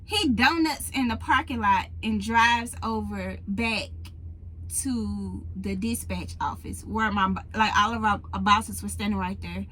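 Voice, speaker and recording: A woman vlogger telling a story to her viewers in a casual, animated, emphatic way, recorded on a phone in a truck cab. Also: mid-range voice, a little slow, rough recording. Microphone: phone in a holder.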